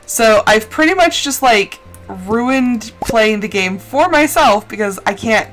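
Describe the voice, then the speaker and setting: A woman streamer chatting casually while playing a game, telling stories and acting out her own reactions. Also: mid-range voice. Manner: chatty storytelling, acts out her own shouting. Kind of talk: casual gaming chat.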